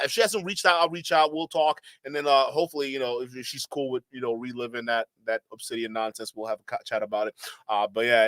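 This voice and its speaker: A highly animated man commenting casually for his livestream chat, using loose slang and many restarts. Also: dry recording. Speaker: streamer reacting to clips.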